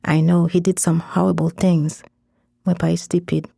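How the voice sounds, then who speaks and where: A woman reading first-person fiction aloud in a measured, intense storytelling manner on a close studio mic. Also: lowish voice, little pitch movement, gravelly, warm tone, breathy edge, dry recording. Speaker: story narrator.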